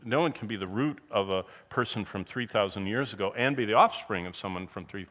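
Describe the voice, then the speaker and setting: A man giving a Bible teaching in sermon style, asking rhetorical questions and swinging between loud bursts and quiet asides. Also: fairly low pitch, a little fast.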